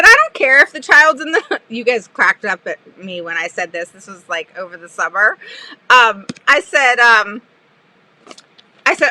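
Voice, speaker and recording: Woman advocate, bright and fairly high voice, animated and sarcastic casual chat. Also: no echo, rough recording. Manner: animated storytelling, sarcastic, laughs often. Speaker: special education advocate. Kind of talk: casual live-stream chat.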